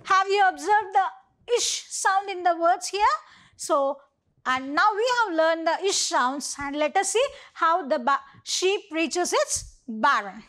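A woman's voice: very high voice, expressive, slow pace, a bit bright. A woman with an Indian English accent teaching an online phonics lesson to young children, spelling words out letter by letter. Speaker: primary school teacher.

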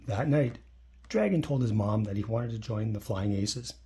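A man reading a children's picture book aloud in a friendly, expressive way. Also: on the low side, moderate pace. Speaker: storybook reader.

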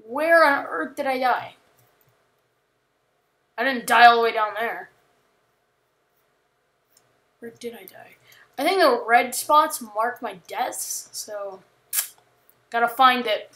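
A woman chatting casually while playing a video game, rambling and joking, with sudden panicked yells. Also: a little high, takes it slowly, pauses often. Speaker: gamer. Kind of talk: casual gameplay commentary.

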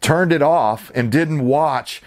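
A man's voice: a little high, slow. A man hosting his own channel, ranting with sarcastic, indignant, rambling commentary. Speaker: channel host.

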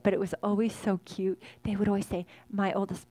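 A chatty woman fitness instructor in her forties talks to her live group in a gushing, affectionate way. She sounds close to the mic, with a dry, dead sound and no room echo. Her voice sits in a middling pitch. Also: level tone, fairly quick, hardly any pauses, warm tone. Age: 40s. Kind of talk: casual chat to a live class. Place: indoor home workout space.

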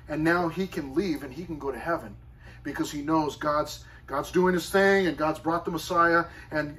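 A man's voice: on the high side, a bit bright. A male pastor preaching a sermon in a conversational, storytelling way with chatty asides. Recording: voice far from the mic.

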